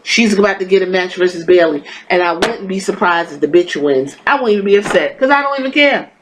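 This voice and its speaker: A woman's voice: lowish voice, brisk, slight background noise, poor audio. A woman hosting a podcast, giving a casual wrestling review in a blunt, profane, exasperated and sarcastic rant. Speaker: podcast host.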